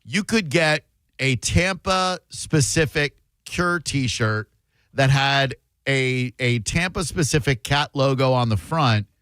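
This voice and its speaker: A man's voice: mid-range voice, takes it slowly, a bit bright, smooth, dry recording. Sarcastic male radio host, dry studio sound. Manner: sarcastic, playfully mock-indignant. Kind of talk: casual radio banter. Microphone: studio microphone.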